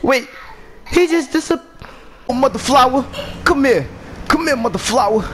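A young man giving goofy, slang-filled commentary while playing a game, swinging between loud outbursts and low mumbles. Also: animated, normal speed, a little hiss or hum. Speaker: gameplay streamer. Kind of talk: comedic gameplay commentary.

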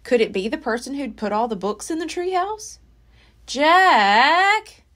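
A woman's voice: on the high side, sing-song, brisk. A woman library storyteller reading a children's chapter book aloud with expression. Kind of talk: children's read-aloud narration.

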